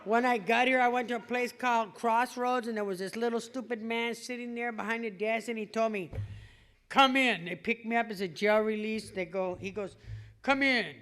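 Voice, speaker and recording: A woman's voice: on the high side, fairly even intonation, moderate pace, a bit bright. Blunt, laughing woman at a recovery meeting. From California. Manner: blunt street talk, swearing, laughing at herself. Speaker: AA meeting speaker. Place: meeting hall before an audience.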